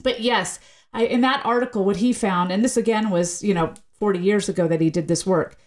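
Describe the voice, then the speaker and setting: A woman's voice: mid-range voice, brisk. A woman from the American South, a linguist guest in a podcast interview, giving articulate, lecture-like explanations and often checking in with "right?".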